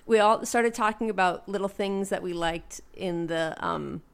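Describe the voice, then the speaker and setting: A woman co-hosting a podcast in casual chat, chatty, with animated asides and frequent laughs. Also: mid-range voice, normal speed, gravelly, clear, resonant tone. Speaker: podcast co-host.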